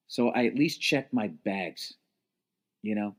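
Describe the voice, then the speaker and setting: On his podcast, an American host tells a long, profane story, rambling and exasperated, weary to the bone. His fairly low voice stays fairly even, moving at a measured pace with frequent pauses. It's a casual storytelling monologue recorded on a podcast mic at a laptop.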